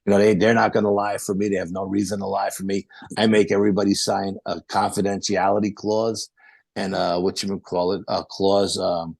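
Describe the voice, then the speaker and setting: A man, a podcast guest telling a rambling, animated story full of quoted dialogue. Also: low-pitched, a little fast, gravelly, no echo. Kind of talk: casual storytelling.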